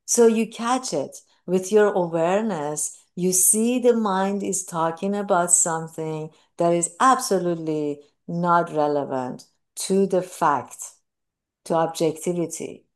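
A woman giving a personal talk on mindfulness and grief, earnest and reflective, often pausing and restarting, her voice jumping up with feeling when she retells moments. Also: fairly low pitch.

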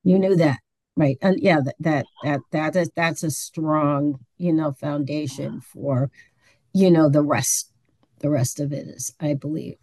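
Low, dry-voiced affirming woman. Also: fairly even intonation, a little slow, darkish tone, no echo.

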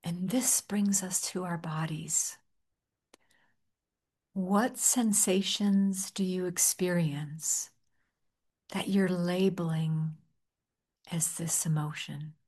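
Woman doing a guided meditation, low-ish soft voice, really slow and gentle. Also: fairly even intonation, husky. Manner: slow, gentle, soft-spoken with long pauses. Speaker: meditation teacher.

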